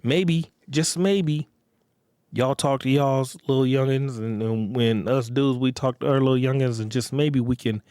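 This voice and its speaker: A man's voice: medium pitch, unhurried, a little mellow, smooth, dry recording. Man, podcast host, casual monologue, rambling, profane, mid-range voice, dry close sound. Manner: rambling, profane, repeats "you get what I'm saying".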